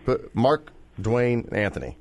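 A man's voice: medium pitch, very animated, slow pace, a little mellow. A man co-hosting a radio show, chatting loosely with a guest and reading plugs with punch. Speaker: radio co-host. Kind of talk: radio show chat and promos.

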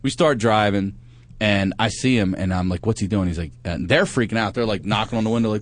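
A man's voice: fairly low pitch, brisk. A man on a podcast, telling a rambling, profane road story with plenty of laughs. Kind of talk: casual storytelling chat.

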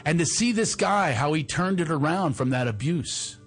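A man's voice: on the high side, animated, moderate pace, breathy edge, soft background music. A middle-aged man with a Philadelphia accent, chatting on a talk show and telling a story with lots of restarts. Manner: chatty storyteller, restarts a lot, puts on a soft cowboy drawl for quotes. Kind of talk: casual chat.

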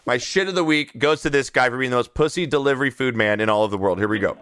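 A man's voice: medium pitch, quick pace, background noise. A man hosting a casual comedy show, joking, laughing often and teasing his co-host. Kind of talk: casual comedic commentary on clips.

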